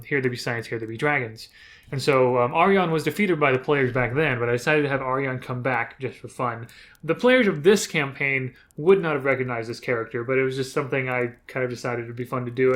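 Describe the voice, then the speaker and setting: A man at an ordinary mid pitch recounts a tabletop campaign he ran as game master. His casual storytelling is full of rambling asides and quick self-corrections. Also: a bit bright.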